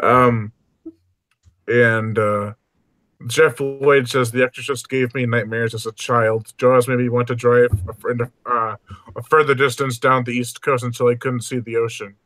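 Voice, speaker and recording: A man's voice: medium pitch, flat delivery, a bit bright, dry recording. Male host, casual live-stream banter, frequent laughs, hesitant ums, mid-range voice. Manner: laughs often, halting with ums.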